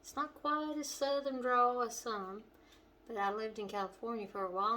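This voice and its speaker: Bright-voiced Kentucky woman cooking at home. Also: fairly high pitch, steady tone, moderate pace, slight background noise. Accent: western Kentucky. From western Kentucky. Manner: homey and chatty, talking straight to the viewer. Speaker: cooking show host. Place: home kitchen.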